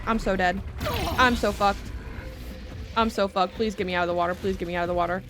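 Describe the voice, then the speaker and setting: A woman's voice: medium pitch, fairly even intonation, normal speed, music in the background. A young woman streaming a video game, talking dramatically to herself and to the game, and sometimes reading its text aloud. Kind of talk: live game commentary.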